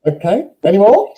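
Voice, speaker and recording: Dark-voiced man giving dog advice. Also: sits high, poor audio. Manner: steady, instructive explaining with fillers. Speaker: dog behaviour trainer. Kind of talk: live online Q&A advice.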